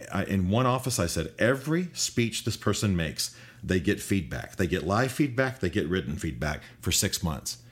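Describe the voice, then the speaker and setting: Low husky-voiced man giving speaking advice. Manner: earnest, conversational, emphatic. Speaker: speaking coach. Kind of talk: advice talk to camera.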